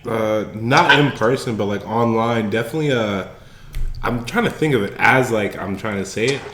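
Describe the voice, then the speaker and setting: A man's voice: fairly low pitch, moderate pace. A young man, a podcast guest, chiming in with short remarks and casual swearing. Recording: echoey room, faint background noise.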